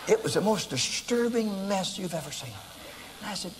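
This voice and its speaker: A man from the United States preaching, telling a story from the pulpit and swinging from quiet asides to loud acted shouts. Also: high voice, animated, fairly quick, background noise. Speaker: evangelist preacher. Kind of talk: sermon storytelling.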